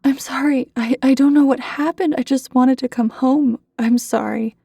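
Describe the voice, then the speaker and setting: Frightened kid in a spoken horror story, a woman acting it out, pitched way up, shrill and panicked. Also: normal speed, dark tone, husky, no room sound, clean studio sound. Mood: tearful. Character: frightened young child, screaming for mom.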